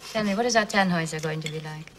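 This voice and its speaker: An actress playing a proud, teasing middle-aged opera diva over a meal. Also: female voice, low voice, racing, fairly bright tone, slight background noise. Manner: cool, teasing. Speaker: opera singer.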